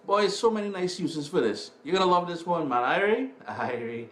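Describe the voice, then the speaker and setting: In his home kitchen and living room, a Caribbean man hosts a cooking demonstration, upbeat and chatty. His voice is high-pitched and expressive, he speaks briskly, and there's a little background noise.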